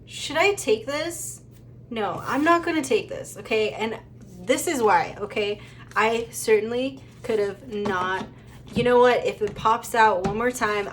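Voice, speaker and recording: A woman's voice: a little high, a little slow. Woman tarot reader, casual chatty reading, giggly asides, faint background hiss. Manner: chatty, giggly, talks to spirit and viewers.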